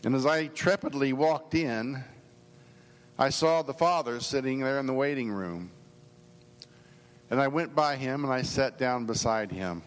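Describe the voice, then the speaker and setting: Middle-aged male preacher, earnest, halting storyteller, mid-pitched, long hall echo. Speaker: speaker giving a devotional talk. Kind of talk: storytelling sermon.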